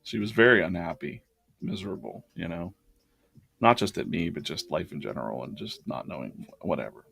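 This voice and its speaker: His voice sits low, with vocal fry, and he talks a little fast. He's a man hosting a drawing challenge who casually spins a rambling personal anecdote, acting out the quoted lines with animation.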